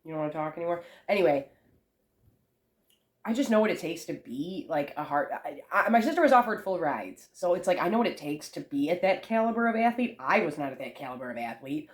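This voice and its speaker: A woman's voice: low-pitched, expressive, brisk. A young woman rambling casually to camera at home, swearing freely as she chats. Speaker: vlogger. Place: family room at home.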